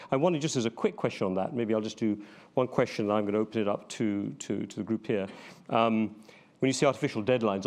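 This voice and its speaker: A man's voice: fairly low pitch, a little mellow. A man moderating a panel, asking a long question with many ums and restarts. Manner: hesitant, lots of ums and restarts. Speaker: event moderator.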